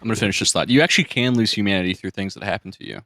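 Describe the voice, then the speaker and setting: A man's voice: lowish voice, lively intonation, rapid-fire, a crowd in the background. A man playing in a tabletop game, chatting in an eager, talkative way. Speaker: player. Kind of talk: casual chat.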